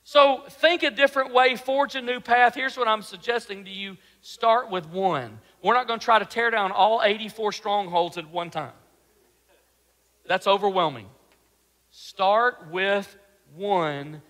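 A man preaching a sermon as pastor, animated and full of rhetorical questions, sometimes dropping to a soft, low voice. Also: normal speed, big-room sound, rough recording.

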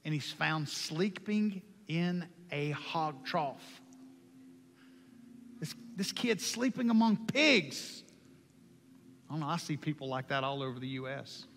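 A man preaching a sermon with passion, moving from hushed lines to loud ones. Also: a little high, expressive, slow pace, pauses often, slight background noise. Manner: impassioned, swings from hushed to loud. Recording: long hall reverb.

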